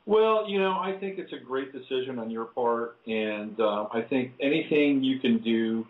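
A man of middling pitch speaks as a radio host, relaxed and encouraging. His voice comes through thin and phone-like, with a roomy echo around it. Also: normal speed. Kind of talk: casual radio chat. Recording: tinny phone-like sound in a roomy space.

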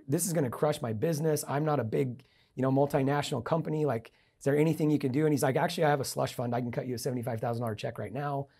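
A man's voice: medium pitch, warm tone, husky. A middle-aged man, a podcast guest, telling a personal business story and acting out the dialogue. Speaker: guest, entrepreneur and investor.

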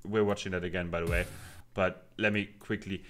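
Excitable man reacting, bright voice. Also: low voice, slight background noise. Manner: animated, exclaiming, quick asides and laughs. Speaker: reaction video host.

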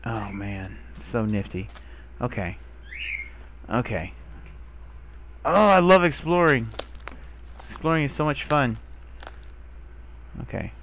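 A young man giving casual commentary while playing a video game, who talks to the animals he finds and gets excited, sometimes swearing. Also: mid-range voice, slow, long pauses. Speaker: gamer. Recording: faint background noise.

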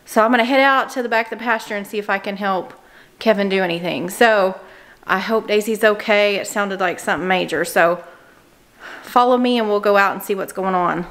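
A woman vlogging outdoors on her farm with a handheld camera, talking in an excitable, breathless way. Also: mid-range voice, a little fast. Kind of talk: casual vlog narration.

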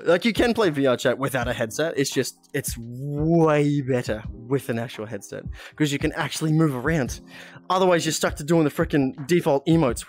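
A young Australian man chatting casually on a live stream, laughing often and reading chat aloud. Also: fairly high pitch.

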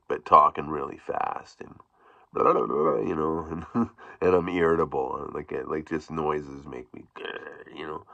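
A man with a very low voice talks through a casual vlog, wandering from thought to thought with restarts and little chuckles. His tone is bright and pushed forward. The recording is dry and somewhat muffled. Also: no room sound. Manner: rambling, halting, with frequent restarts and chuckles. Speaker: YouTube vlogger. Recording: dull, dry, lo-fi sound.

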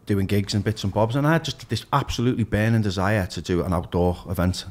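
Frank, swearing Liverpool man, low voice. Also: fast. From Liverpool, England. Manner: frank, heavy swearing, emphatic. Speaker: guest, DJ. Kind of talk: candid podcast conversation.

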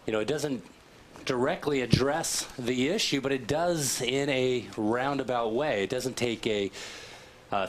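A man's voice: medium pitch, slight background noise. A man on a talk-show team answering a question in a folksy way, acting out little dialogues.

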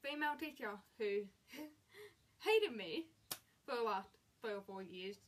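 A woman's voice: fairly high pitch, very animated, takes it slowly. A woman in her late teens telling a frustrated storytime rant about school, with an emphatic, exasperated way of retelling what happened. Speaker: vlogger.

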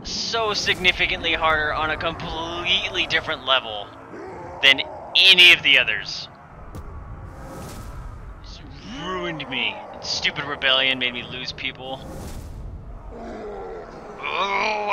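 A young man streaming a video game, shouting excitedly at the action and slipping into mock-dramatic despair. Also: fairly high pitch, slow, pauses often, background noise. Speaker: gaming streamer. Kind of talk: let's play commentary.

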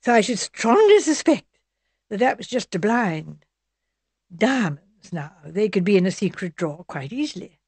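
A woman's voice: mid-range voice, sing-song, moderate pace, darkish tone, breathy edge, dry recording. A woman doing a twittering elderly spinster sleuth. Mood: gently knowing. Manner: rambling, twittering, digressive. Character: chatty elderly spinster sleuth, fussy and rambling.

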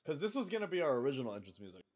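A man's voice: medium pitch, very animated, racing, background noise. Crude, joking male streamer. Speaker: co-host and wrestler. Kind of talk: casual chat while streaming a game.

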